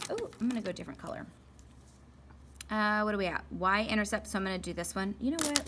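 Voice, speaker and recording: A young woman math teacher talks through graphing problems in a chatty, playful way, often speaking to herself. She's expressive and fast-talking at a medium pitch, against a noisy background.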